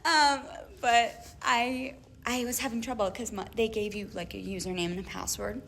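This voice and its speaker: A young woman co-hosting a casual chat podcast, telling an animated story with lots of laughs and acted-out emails. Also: a little high, moderate pace, creaky, a little hiss or hum. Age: young adult. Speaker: podcast co-host.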